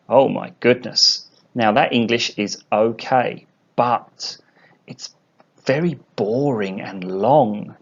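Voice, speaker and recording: A man teaching an English lesson to young learners, explaining slowly and repeating key words. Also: medium pitch, gravelly. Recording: dull lo-fi sound.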